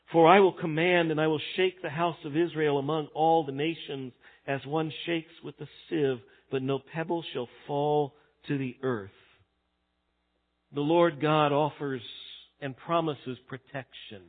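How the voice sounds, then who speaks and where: A man delivers a sermon from the pulpit, his voice pitched a bit high for a man. He rises to loud, emphatic peaks and then falls to quiet, hushed stretches. The sound is thin and tinny, like a phone line. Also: steady tone, a little slow. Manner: dynamic preaching, swings from loud to hushed. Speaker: pastor.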